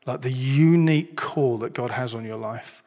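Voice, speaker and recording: A man's voice: medium pitch, moderate pace, a little mellow. Middle-aged man, pastor, conversational sermon full of rhetorical questions, recorded in a big echoing hall. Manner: conversational, self-deprecating preaching with rhetorical questions. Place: church hall. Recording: long hall reverb.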